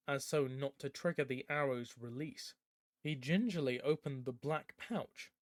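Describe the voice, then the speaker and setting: A man narrating a fantasy audiobook in a steady storytelling manner. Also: fairly high pitch, no room sound, clean studio sound.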